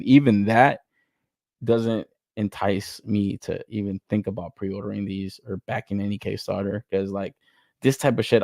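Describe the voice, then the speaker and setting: A man's voice: lowish voice, a little mellow, dry recording, studio quality. A young man hosting a casual podcast, ranting with lots of swearing and laughter, exasperated. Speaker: podcast host. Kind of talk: casual rant about toys.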